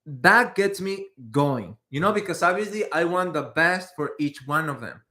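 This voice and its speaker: Animated bright-voiced man coaching. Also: on the high side, normal speed. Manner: animated, drifts into Spanish slang, answers viewer questions. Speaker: IT career coach. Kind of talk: casual livestream chat.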